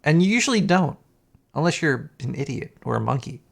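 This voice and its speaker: Young male podcast co-host, gravelly and a bit high, rambling and jokey. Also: very animated, brisk. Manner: rambling, laughs often, swears. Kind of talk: casual chat.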